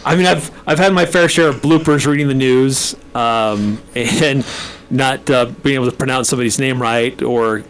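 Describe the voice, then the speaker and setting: A man's voice: medium pitch, a little slow, slight background noise. Chatty man guesting on a radio show. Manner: chatty, self-deprecating, laughs often. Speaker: radio station manager guest. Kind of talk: casual radio interview. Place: radio studio.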